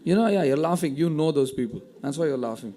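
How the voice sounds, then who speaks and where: High-voiced man preaching a sermon. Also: fast, a little hiss or hum. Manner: animated storytelling, acting out quoted lines; repeats words when restarting. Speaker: pastor.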